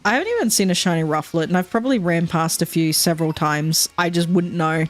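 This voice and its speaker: A woman's voice: fairly low pitch, lively intonation, fast, soft background music. Rambling, laughing woman streamer. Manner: rambling, swears often, laughs a lot. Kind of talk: casual chat while playing a game.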